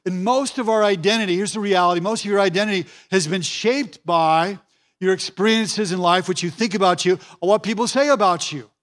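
A man's voice: high voice, brisk, a bit bright. A man pastor preaching a sermon in a church, repeating key phrases for emphasis and acting out the voices he quotes.

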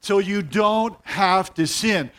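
A middle-aged man preaching a sermon as pastor, emphatic, repeating key phrases and slowing down to stress words. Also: high-pitched, a bit bright.

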